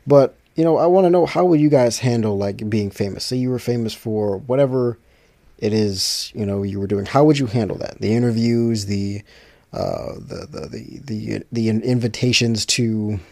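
A man's voice: on the low side, creaky, darkish tone, no room sound. A man chatting casually to his viewers, rambling with frequent restarts and fillers.

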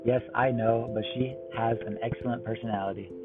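A man reading a run of one-liner jokes in a deadpan way. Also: mid-range voice, fairly quick. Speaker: joke teller. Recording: tinny phone-like line with music behind. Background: music.

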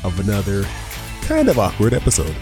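A man's voice: lowish voice, wildly swooping pitch, fairly quick, music in the background. A man hosting a podcast in casual chat, laid-back and teasing, laughing often. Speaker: podcast host.

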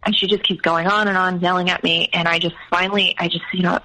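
A woman's voice: lowish voice, little pitch movement, fast, pushed and bright, low-quality recording. A woman as a podcast guest, earnestly recounting personal experiences with frequent restarts. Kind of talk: emotional personal storytelling.

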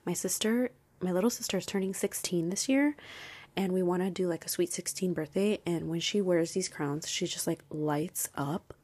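Gushing breathy young woman. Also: lowish voice, moderate pace. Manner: gushing and excitable, often drops to a whisper. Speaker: vlogger. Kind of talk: casual chat.

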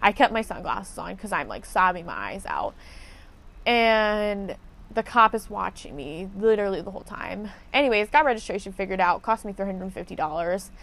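A woman's voice: medium pitch, lively intonation, moderate pace, gravelly, fairly bright tone. A woman telling a casual story as a podcast host, blunt and profane as she vents her frustration.

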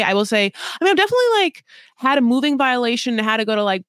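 A woman's voice: on the high side, animated, brisk, fairly bright tone, clear, resonant tone, dry recording, clean studio sound. A woman co-hosting a podcast, recapping reality TV in a rambling, frank chat full of "like" and swearing. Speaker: podcast co-host.

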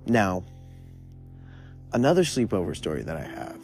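Laid-back, low-voiced man telling stories. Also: very animated, moderate pace, creaky, darkish tone. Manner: laid-back, profane, rambling with many fillers. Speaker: storyteller. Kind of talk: casual storytelling. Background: faint guitar music.

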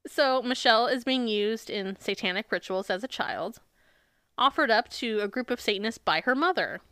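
A woman's voice: fairly high pitch, animated, normal speed, fairly bright tone, clear, resonant tone, dry recording, studio quality. A woman co-hosting a podcast in casual chat, sarcastic and swearing often as she retells a book. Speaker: podcast co-host.

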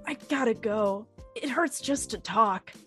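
A woman voicing a sick teenage boy who groans his words slowly. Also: on the high side, expressive, a bit bright, faint music behind. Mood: groaning. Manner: slow and strained.

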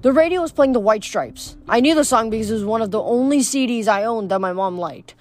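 A woman's voice: fairly high pitch, a little fast, soft background music. A woman reading a novel aloud in a plain voice, with small stumbles and self-corrections. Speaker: audiobook reader.

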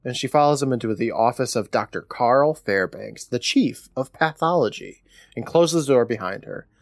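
A man's voice: medium pitch, expressive, normal speed, vocal fry, dry recording, clean studio sound. A man co-hosting a podcast, recapping a TV episode in a casual, sarcastic, joking way. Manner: sarcastic, jokey storyteller. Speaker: podcast co-host.

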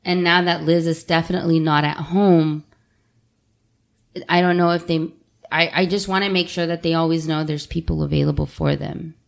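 A woman in her thirties speaks with a low, gravelly voice. She is a single mother in a relaxed podcast conversation, and she talks openly and emotionally, working her thoughts out as she goes. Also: moderate pace. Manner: candid, emotional, talks things out. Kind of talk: casual podcast chat.

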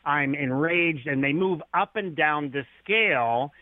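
A man's voice: fairly high pitch, lively intonation, measured pace, no echo. Man explaining on a tinny phone line. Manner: storytelling, acts out quoted lines. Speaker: author and guest. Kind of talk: explanatory radio interview talk.

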